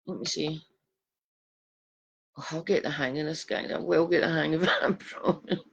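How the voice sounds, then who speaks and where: A woman's voice: sits low, fairly even intonation, normal speed, vocal fry, husky, lo-fi sound. A middle-aged woman with a Glasgow Scottish accent hosting a casual live stream as a psychic. She chats along, greets viewers by name and pokes fun at herself. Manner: chatty, self-deprecating, greeting viewers by name.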